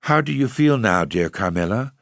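A man reading an audiobook, voicing an earnest, caring young lady who speaks gently. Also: on the low side, lively intonation, moderate pace, vocal fry, dry recording, clean studio sound, voice pushed up.

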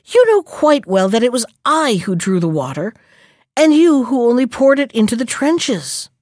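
Earnest wronged sheep, pleading, high lifted voice, dry close sound, put on by a woman. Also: lively intonation, a little slow, a little mellow, no room sound. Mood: indignant. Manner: pleading, indignant.

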